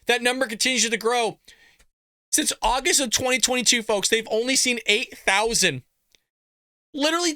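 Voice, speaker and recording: Sarcastic guy hosting a commentary show, highish voice, super bright and punchy, dry close sound. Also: no echo. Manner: sarcastic, animated, laughs at his own jabs. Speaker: political commentary show host. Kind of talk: opinionated commentary reacting to news.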